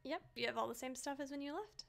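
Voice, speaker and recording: Calm woman narrating as game master. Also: high voice, fast, creaky. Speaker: dungeon master.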